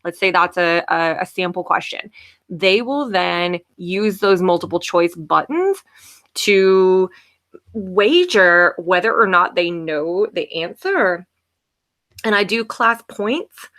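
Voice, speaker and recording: A woman teacher giving a casual, upbeat live software demo in a webinar, often saying "okay" and cheering small wins. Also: on the low side, expressive, slow. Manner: chatty, upbeat, frequent "okay" and "yay".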